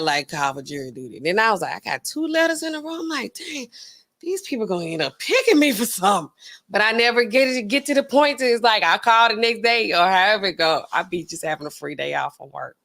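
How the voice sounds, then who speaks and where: A woman pharmacist hosting a casual livestream, chatting in a slangy, animated way, reading out viewer comments and laughing often. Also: brisk. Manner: animated and chatty, slangy, swings between low asides and high exclaims; laughs often mid-sentence.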